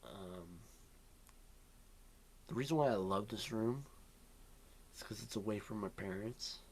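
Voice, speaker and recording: A man's voice: on the low side, unhurried, darkish tone, a little hiss or hum. A young man rambling through a casual vlog from his bedroom at home, drifting between topics with lots of ums and yawns. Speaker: vlogger.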